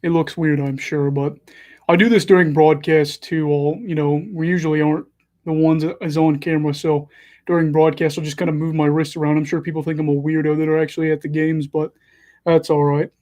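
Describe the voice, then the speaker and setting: A man's voice: fairly high pitch, level tone, fairly quick, mellow. A young man hosting a casual livestream, calling hockey play as he watches and chatting between moments in a self-deprecating way. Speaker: livestream host and hockey commentator.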